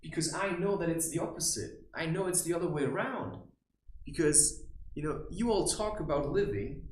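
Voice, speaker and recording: A man's voice: a little high, reverberant, rough recording. A man giving a rambling spiritual monologue, provocative and mocking. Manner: animated, provocative, with mocking asides. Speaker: spiritual vlogger.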